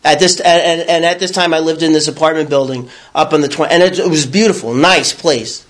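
Man, high voice, candid recovery talk, blunt, acts out his old thoughts. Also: brisk. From New York. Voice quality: raw, blunt storytelling with crude words. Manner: animated, acts out his own past thoughts. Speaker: recovery speaker. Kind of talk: candid personal testimony.

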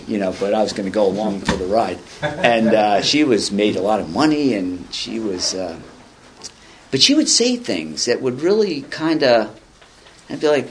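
Low-voiced man rambling at a meeting. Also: very animated, moderate pace, noisy background. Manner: rambling and conversational, with dry self-deprecating humor. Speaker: speaker sharing at a recovery meeting. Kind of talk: casual spoken share, reading passages aloud and commenting. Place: indoor meeting room.

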